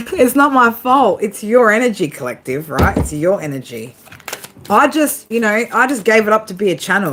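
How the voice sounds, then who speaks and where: Woman doing a tarot reading, swears a lot, keeps laughing, voice bouncing up and down, noisy clicky background. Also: mid-range voice. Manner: swears freely, laughs often, talks to viewers directly. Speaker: tarot reader. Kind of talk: casual spoken tarot reading.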